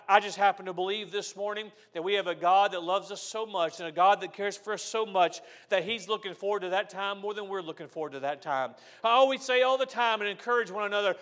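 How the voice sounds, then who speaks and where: A man preaching a sermon as pastor, moving from loud declarations to soft, tender passages, repeating phrases. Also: sits high.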